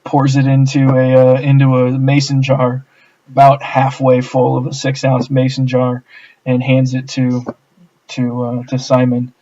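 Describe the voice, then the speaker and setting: A man narrating as game master in a relaxed way, with many fillers. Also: mid-range voice, unhurried, highs cut off.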